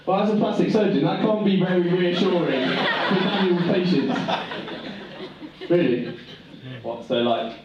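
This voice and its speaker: A man's voice: sits high, sing-song, very slow, pauses often, lo-fi sound. A man giving a joking, teasing wedding speech as best man. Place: wedding reception hall. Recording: echoey hall from far off, noisy.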